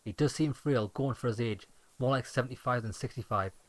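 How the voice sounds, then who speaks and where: Brief: male let's-play narrator, steady reading, mid-range pitch. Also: a little fast. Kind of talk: reading game text aloud.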